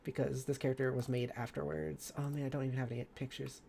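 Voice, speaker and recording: Low-voiced woman rambling on a live stream. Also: level tone, quick pace, gravelly, dark tone, a little hiss or hum. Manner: rambling, filler-heavy, bubbly. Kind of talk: casual live-stream chat.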